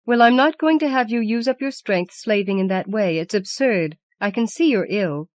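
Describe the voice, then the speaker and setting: A woman's voice: mid-range voice, animated, moderate pace, no room sound, pitched above the performer's own voice, natural voice. Lady narrator doing a worried wife pushing her husband, urgent, coaxing, dry sound. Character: anxious, insistent young wife. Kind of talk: audiobook reading.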